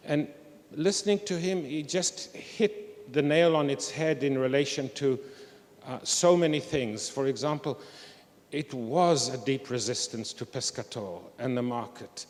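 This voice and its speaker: A man's voice: mid-range voice, measured pace. Older man speaking in a reverberant hall. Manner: reflective, candid storytelling. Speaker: conference speaker. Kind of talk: academic conference talk. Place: large historic hall. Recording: long reverb of a large hall.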